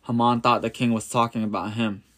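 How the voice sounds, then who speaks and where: A man reading a Bible story aloud in a plain, steady way, lightly voicing the quoted characters. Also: mid-range voice, fairly quick.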